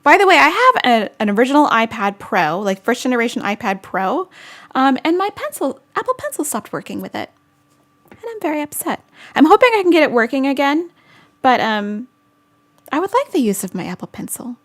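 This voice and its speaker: A woman with a slightly high voice chats casually on a live stream, giggling often as she answers viewer comments. Her talk is loose and rambling, full of little asides. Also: big pitch swings, brisk, fairly bright tone. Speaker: vlogger hosting a live chat.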